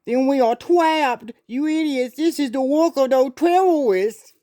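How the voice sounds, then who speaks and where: A man's voice: extremely high pitch, measured pace, dark tone, dry recording, studio quality, voice pushed up. A man voicing an angry male doctor who talks with a babyish lisp. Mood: furious.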